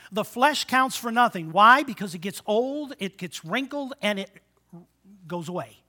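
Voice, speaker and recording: Dynamic preacher in his sixties, bright. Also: animated, measured pace. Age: 60s. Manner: dynamic preaching, swinging between loud exhortation and quiet, low asides; call-and-response with the congregation. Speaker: pastor. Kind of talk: sermon.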